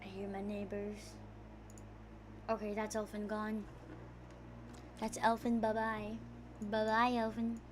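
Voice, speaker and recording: A young woman streaming as a VTuber from home, chatting loosely with a slight tomboyish rasp, swearing and laughing as she reads out chat. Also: medium pitch, completely flat delivery, slow, long pauses, noisy background. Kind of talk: casual livestream chat, reading out chat messages. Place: home room. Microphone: desk streaming mic.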